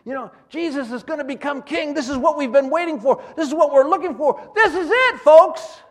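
A man preacher voicing an excited, ambitious male disciple who pleads with his master. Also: very high voice, normal speed, voice pushed up.

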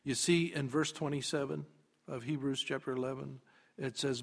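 A man preaching a sermon, dramatic, dropping to a hush and then rising to loud emphasis. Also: mid-range voice, steady tone, moderate pace, creaky.

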